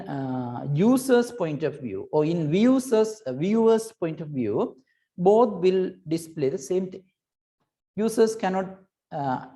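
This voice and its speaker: A woman's voice: fairly low pitch, mellow. A woman teaching a recorded lesson, patiently explaining and checking in with "right?" between points, with hesitant restarts.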